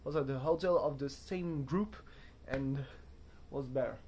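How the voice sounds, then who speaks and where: In an unhurried, warm, mid-range voice, this young man rambles casually to camera in a hotel-room vlog, with slight background noise. He's chatty, self-deprecating and prone to tangents.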